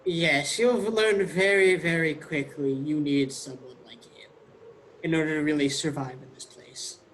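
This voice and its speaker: A man playing a tabletop game, answering quickly and casually. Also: fairly high pitch, steady tone, a bit bright, a little hiss or hum, low-quality recording. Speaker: player. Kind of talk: tabletop role-play.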